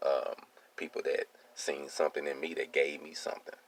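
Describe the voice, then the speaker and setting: A man's voice: very deep voice, level tone, normal speed, a little hiss or hum. A man in his thirties, a welding business owner, tells his life story in a streetwise, casual monologue and keeps asking "you see what I'm saying.".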